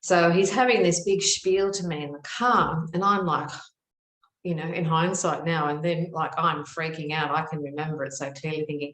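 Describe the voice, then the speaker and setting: A woman from Australia, a spiritual teacher, telling a personal story in an earnest, animated way with many fillers. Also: low-pitched, normal speed, echoey room, poor audio. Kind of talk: storytelling monologue.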